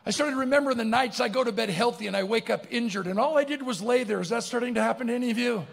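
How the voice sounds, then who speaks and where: A middle-aged man giving a comic, animated motivational speech, telling a story to a live audience. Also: very high voice, fast talker, vocal fry. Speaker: keynote speaker. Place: large barn event venue, live audience. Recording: long hall reverb.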